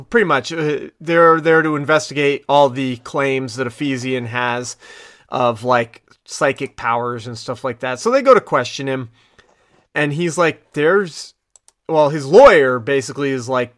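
A man's voice: mid-range voice, a little slow, a bit bright, no echo, studio quality. A man co-hosting a podcast, recapping an episode in loose, rambling casual chat full of fillers and restarts. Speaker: podcast co-host.

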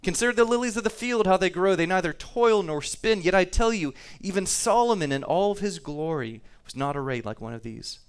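A man's voice: high voice, expressive, brisk, few pauses, clear, resonant tone. A man preaching a sermon to his congregation, talking easily, reading scripture aloud and repeating himself now and then. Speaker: pastor.

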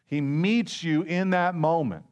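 A pastor preaching with a slightly higher-than-average voice for a man. He talks to his congregation in an easy, conversational way, often repeating a phrase. He slows right down to lean on the words he wants to land. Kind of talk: sermon.

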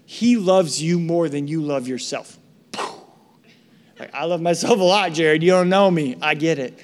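Guy pastor preaching, high pitched, acts out little voices, big echoey church hall. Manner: animated, acts out quoted voices. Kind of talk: sermon. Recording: long reverb of a large hall.

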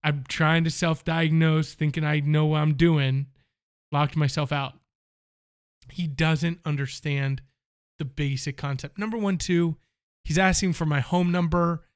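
A man with a voice pitched a little high tells a long story in casual conversation. He is animated and acts out both sides of a phone call as he goes. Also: measured pace, clean tone. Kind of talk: casual chat.

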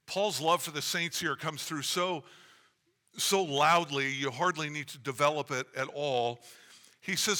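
A man preaching with an earnest, measured delivery, his fairly high voice sharp and forceful. He often restarts his phrases as he builds his point. A long reverb from the church hall trails after each line. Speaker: pastor. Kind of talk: sermon. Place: church sanctuary.

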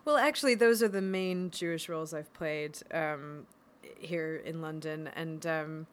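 An American woman talks casually as an interview guest, her voice a little low for a woman. She laughs often and fills her pauses with ums. Her tone stays easy and chatty. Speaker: actress, guest.

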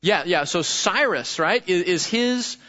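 Male pastor, sermon, animated and chatty, somewhat muffled lo-fi recording. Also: high-pitched, unhurried. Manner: lively, conversational, asks the congregation questions.

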